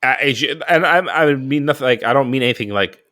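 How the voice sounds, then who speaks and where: A man co-hosting a podcast in casual chat, halting with stumbling restarts. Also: mid-range voice, pushed and bright. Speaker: podcast co-host.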